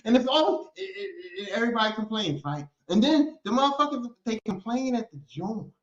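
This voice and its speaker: A man hosting a podcast, ranting casually and profanely in an animated way, and slipping into other voices to act out people he quotes. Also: sits high, quick pace, few pauses. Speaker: podcast host. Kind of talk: casual comedic rant. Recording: echoey room, dull lo-fi sound.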